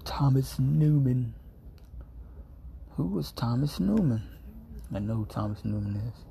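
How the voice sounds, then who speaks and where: Gravelly man rambling to his viewers. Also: fairly low pitch, sing-song, normal speed, mellow. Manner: rambling, easily distracted, slangy, self-amused. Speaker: streamer reading reviews to viewers. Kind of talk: casual chat.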